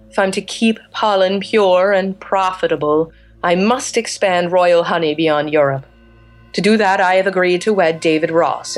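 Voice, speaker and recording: A woman's voice: on the low side, lightly acted. A woman voicing a regal, scheming female bee queen who speaks in an imperious, teasing way.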